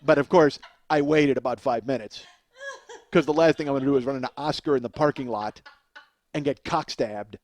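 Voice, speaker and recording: Speaking at medium pitch and fairly quickly, a male comedian host works through a long monologue full of profanity. His delivery is animated, and laughter keeps slipping into the middle of his lines.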